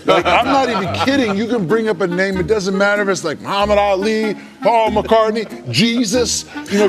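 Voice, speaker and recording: Man, high voice, loud, amazed, fast, talk show guest, music underneath. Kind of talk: casual chat.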